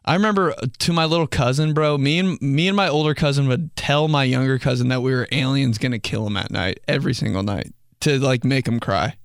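A man's voice: medium pitch, fairly quick, creaky, hardly any pauses, clear, resonant tone, dry recording, clean studio sound. A young man casually hosting a solo podcast, joking loosely in slang and laughing between stories. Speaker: podcast host.

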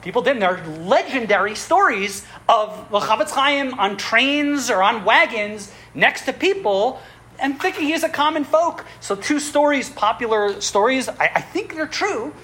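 Lively, animated woman teaching a class. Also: on the high side, measured pace. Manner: animated, chuckling storyteller with frequent restarts. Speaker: teacher of a Jewish studies class. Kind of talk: classroom lecture with storytelling. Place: classroom with students.

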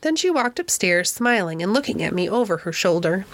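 Steady woman narrating an audiobook. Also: mid-range voice, fairly quick, slight background noise. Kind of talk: audiobook narration of a classic novel.

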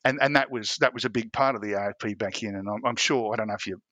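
A middle-aged Australian man, a former police commander, telling stories on a podcast with lively acted-out voices and frequent restarts. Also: lowish voice, fast, no room sound. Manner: animated anecdotes, acts out voices of others, frequent restarts. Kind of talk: casual storytelling interview.

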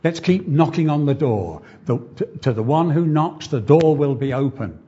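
Man, pastor, sermon, husky, rhetorical questions, lo-fi church recording. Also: fairly high pitch, expressive, dark tone. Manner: slow, earnest preaching with rhetorical questions.

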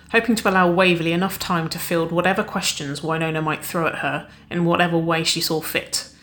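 A woman narrating a story aloud in a steady, even storytelling manner. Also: lowish voice. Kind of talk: audiobook reading of fan fiction.

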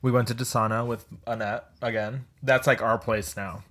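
A man co-hosting a casual podcast chat, low-key with short replies. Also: fairly even intonation, moderate pace, fairly bright tone. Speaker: podcast co-host.

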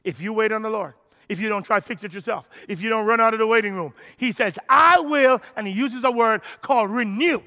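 A man preaching a sermon as pastor, animated and full of repeated phrases. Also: high-pitched, a little fast.

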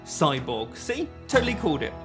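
A podcast host in a comedy sketch who rambles in a quick, exasperated, nerdy way. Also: mid-range voice, very animated, music in the background.

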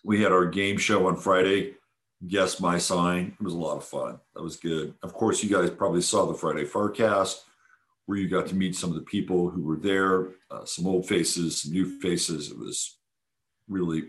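A man's voice: low voice, normal speed. A man hosting a podcast, chatting enthusiastically about a weekend event in a casual monologue full of fillers and restarts. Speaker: podcast host.

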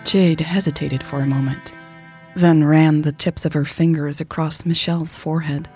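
A woman narrating an audiobook in a measured, even reading style. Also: low-pitched, breathy edge, soft background music.

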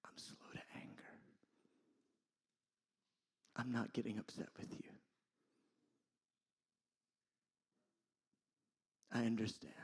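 A pastor voicing God, hushed and tender. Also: male voice, on the low side, husky. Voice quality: hushed, near-whispered delivery. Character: God speaking gently, male, patient and tender.

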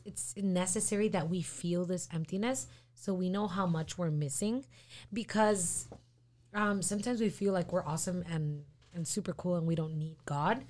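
Eager woman jumping into a faith chat. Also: fairly low pitch. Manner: eager, animated, jumps in. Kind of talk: casual faith discussion.

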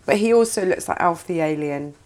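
A woman's voice: lowish voice, fairly quick, a little mellow. A woman hosting a podcast, chatting casually and telling stories about her dog, laughing often. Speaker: podcast host. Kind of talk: casual chat.

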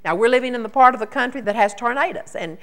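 Woman preacher, higher voice, earnest storytelling sermon. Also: fast talker, a bit bright.

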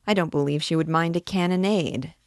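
A woman reading aloud voices a curious, blunt townswoman with a brisk manner. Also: fairly low pitch, no room sound, studio quality, natural voice.

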